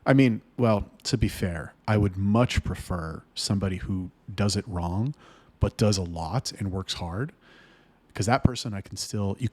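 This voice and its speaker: A man talking to camera about managing his sales staff, blunt and heated, swearing often. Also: on the low side. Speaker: business owner talking to camera. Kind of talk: casual rant to camera.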